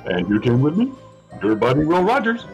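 A man's voice: wildly swooping pitch, soft background music. A man playing a cryptic, teasing stranger in his early thirties who treats time as a strange soup. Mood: mock offended. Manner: slow, lofty, teasing, with swooping pitch. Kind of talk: tabletop role-play in character.

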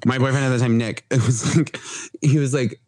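A man's voice: medium pitch, fairly even intonation, brisk, a little mellow, no room sound. A young man chatting casually as a podcast guest, full of filler words and restarts. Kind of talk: casual chat.

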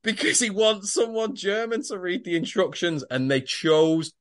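A man's voice: high-pitched, animated, moderate pace. A man co-hosting a podcast, recapping a story with dry, wry asides and swearing. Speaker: podcast co-host. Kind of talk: casual comedic recap chat.

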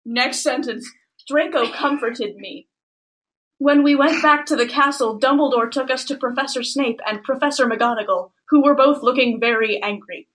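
A woman's voice: high voice, moderate pace, fairly bright tone. A woman co-hosting a casual chat, reading fan fiction aloud with dramatic, giggly flair.

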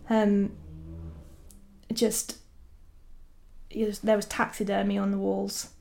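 A woman's voice: medium pitch, monotone, takes it slowly, vocal fry, warm tone, a little hiss or hum. A woman, a documentary filmmaker, telling a story casually with many fillers and frequent laughs.

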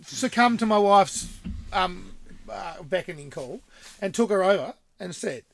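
High, gravelly man telling stories. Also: lively intonation, a little slow, a bit bright. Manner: rowdy, swearing, laughing raconteur. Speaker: podcast guest. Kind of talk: casual storytelling.

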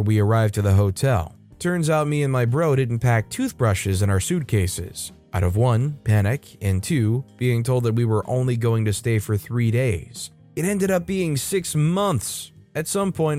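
Guy reading reddit revenge stories, middle pitch, expressive, soft music under it. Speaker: narrator of online revenge stories. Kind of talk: scripted storytelling narration. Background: faint background music.

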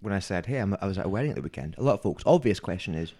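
Male podcast co-host, chatty storyteller, fast delivery. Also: deep voice. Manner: animated storyteller, acts out quoted voices, laughs often. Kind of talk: casual chat.

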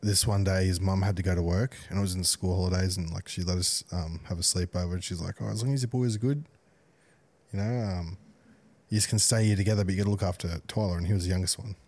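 Deep-voiced bloke telling stories. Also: male voice, little pitch movement, a little mellow. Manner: laughing, swearing, quick anecdotes. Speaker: podcast co-host. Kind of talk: casual storytelling chat.

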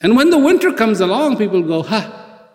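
A man's voice: sits high, sing-song, fast. A man giving a motivational speech, building his points with rhetorical questions, repeated words and acted-out exchanges. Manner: emphatic, repeats key words. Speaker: public speaker. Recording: echoey hall reverb.

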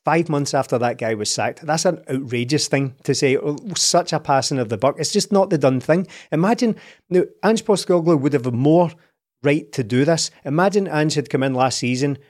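A man's voice: fairly high pitch, normal speed, darkish tone. Incredulous Scottish man telling stories. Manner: storytelling, incredulous. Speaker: podcast co-host. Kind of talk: casual chat.

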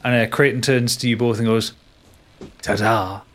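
A man's voice: medium pitch, level tone, quick pace, a bit bright. A man narrating a tabletop game as game master, describing scenes and laughing with his players.

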